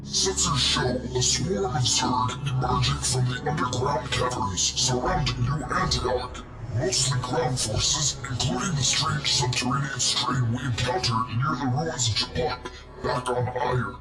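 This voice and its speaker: A man voicing a calm officer delivering clipped sensor reports. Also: mid-range voice, measured pace, over loud music, close to an everyday voice. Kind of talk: game cutscene voice acting. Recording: roomy echo.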